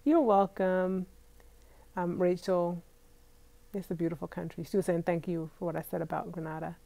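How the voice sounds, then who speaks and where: A woman's voice: lowish voice, fairly even intonation, normal speed, gravelly, dark tone, dry recording. A young adult woman chatting casually with her viewers from home, reading out live comments and laughing often. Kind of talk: casual live-stream chat.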